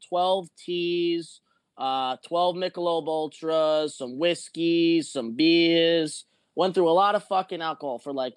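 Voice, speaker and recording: Man with a higher voice, rambling profane storyteller, dry close sound. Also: no room sound. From not from Jersey or Pennsylvania.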